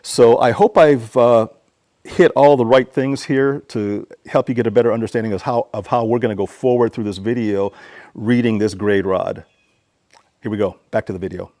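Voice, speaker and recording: A man's voice: mid-range voice, steady tone, moderate pace, a little mellow, no echo. A man hosting his own DIY channel who gives a patient, plain-spoken how-to explanation. He often stammers and restarts his sentences.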